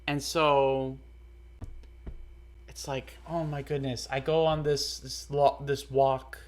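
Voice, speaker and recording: A young man telling a personal story in a casual, earnest way, halting often with fillers and restarts. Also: mid-range voice, flat delivery, a little mellow. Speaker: storyteller vlogger.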